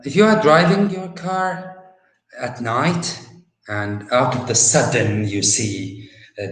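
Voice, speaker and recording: Slow, patient man with an Arabic accent. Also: fairly low pitch, roomy sound, low-quality recording. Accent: Arabic-accented English. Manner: slow and patient, many "uh" pauses, explains with everyday examples. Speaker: English teacher. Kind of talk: recorded university vocabulary lesson.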